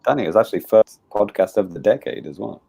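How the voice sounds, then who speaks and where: Deep, lively sarcastic man. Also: fast talker, gravelly, slightly rough, no room sound. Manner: sarcastic teasing. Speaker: podcast co-host. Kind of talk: casual podcast chat.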